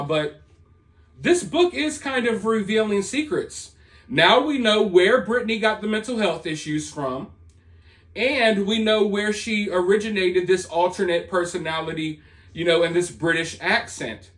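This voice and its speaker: A man hosting a commentary channel, delivering a sarcastic, dismissive and rambling opinion monologue. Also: high voice.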